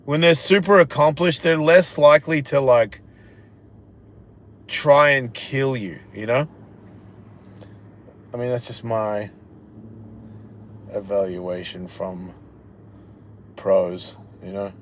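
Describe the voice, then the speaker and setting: A man's voice: slow, pauses often, a little hiss or hum. A man, hosting a live stream, chatting casually and bluntly with plenty of swearing as he reacts to viewer comments. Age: 50s. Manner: profane, blunt, jokey, drops into a low mumble. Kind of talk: rambling casual chat reading viewer comments.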